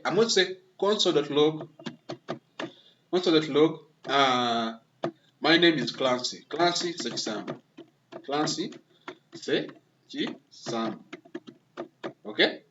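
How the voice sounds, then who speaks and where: A man's voice: fairly high pitch, a bit bright, highs cut off, a little hiss or hum. A man teaching a beginner coding lesson over a screen recording. He repeats phrases often, keeps checking with "okay?", and encourages his viewers. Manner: repetitive, keeps asking "okay?"; encouraging, addresses viewers as members and guys. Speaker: web development instructor.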